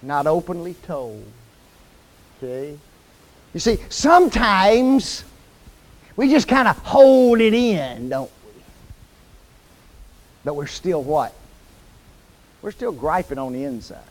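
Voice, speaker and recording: A man preaching a sermon in a church, asking the congregation questions and quoting scripture slowly and emphatically. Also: a little high, poor audio. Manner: lively call-and-response questions to the congregation. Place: church hall.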